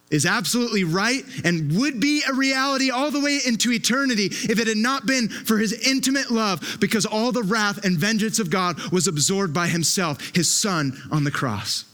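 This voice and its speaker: A man delivering a sermon in a somewhat high voice. He preaches with passion and emphasis, doubling back on phrases to drive them home. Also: normal speed, fairly bright tone.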